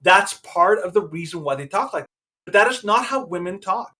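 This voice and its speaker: A man's voice: high voice, expressive, a little fast, pushed and bright. A man hosting a podcast, giving rambling, opinionated commentary with frequent restarts. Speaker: podcast host.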